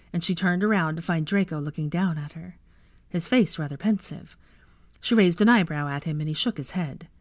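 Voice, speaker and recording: A woman reading fan fiction aloud with an expressive reading voice. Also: on the low side, dry recording, studio quality.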